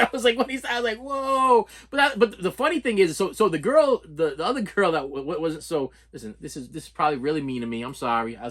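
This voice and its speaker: Animated middle-aged man telling stories. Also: fairly high pitch, slightly rough. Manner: animated, laughing often, repeats words. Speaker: vlogger unboxing movies. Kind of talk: casual storytelling vlog.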